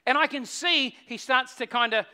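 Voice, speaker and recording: A middle-aged man, preaching a sermon as a pastor and telling a story, swinging between hushed and loud. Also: very high voice, moderate pace, clear, resonant tone.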